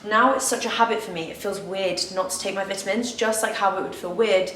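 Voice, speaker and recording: Young woman, chatty vlogger, bright voice, echoey room, faint ambience. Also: mid-range voice, steady tone, brisk, a little hiss or hum. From England. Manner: chatty, lots of "like" fillers, candid. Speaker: lifestyle vlogger. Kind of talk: casual confessional vlog.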